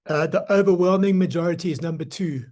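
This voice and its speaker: A man's voice: a little high, quick pace, a little mellow. A man acting as moderator, reporting poll results in a brief, matter-of-fact way.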